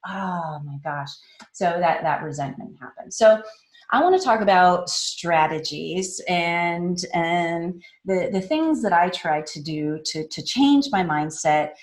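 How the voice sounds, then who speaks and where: At an online meetup held in an echoey room, a conference speaker with a fairly low, expressive voice gives a casual talk at a measured pace. She's chatty and laughs often, jumping her pitch up into little acted-out voices when quoting people.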